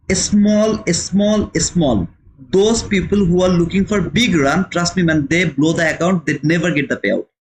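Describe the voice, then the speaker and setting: A man's voice: a little high, a bit bright, poor audio. A man hosting a live trading stream, chatting casually and answering viewers' comments, with frequent repeated words. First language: not English. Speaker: trading livestream host.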